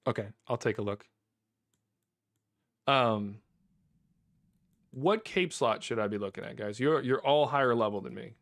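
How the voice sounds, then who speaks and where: A man's voice: medium pitch, lively intonation, measured pace, vocal fry, long pauses, no echo. Male game streamer, conversational live commentary, dry booth-like sound. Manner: chatty, talks to chat, bursts of laughing frustration.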